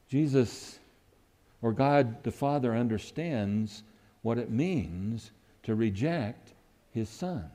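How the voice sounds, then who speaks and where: A man's voice: mid-range voice, animated, takes it slowly, warm tone. A man preaching a sermon who acts out quoted lines with sudden rises and dips in his voice.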